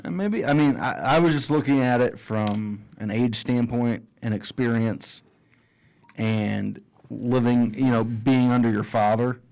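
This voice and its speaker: A man musing through his ideas on a casual podcast, circling back and correcting himself as he goes. His voice sits at a middle pitch for a man. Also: fairly even intonation, a little slow, gravelly, darkish tone. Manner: rambling, thinks aloud with restarts, swears. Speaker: podcast co-host. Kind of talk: casual wrestling podcast chat.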